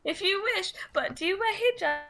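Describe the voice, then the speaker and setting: A woman's voice: lively intonation, brisk, sharp tone, exaggerated voice. A woman doing a prim, sing-song questioner. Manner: high, sing-song, careful phrasing. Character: prim, overly polite person asking questions.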